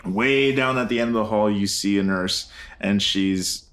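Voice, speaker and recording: A man's voice: lowish voice, unhurried. A man co-hosting a casual podcast, recapping a film scene in a loose, profane, rambling way with plenty of fillers. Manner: rambling, profane, laughs loudly and often. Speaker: podcast co-host.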